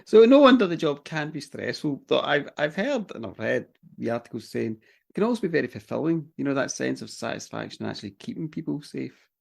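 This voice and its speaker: A man co-hosting a podcast in a relaxed, wry, casual way. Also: mid-range voice, fairly quick, gravelly. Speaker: podcast co-host. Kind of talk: casual chat.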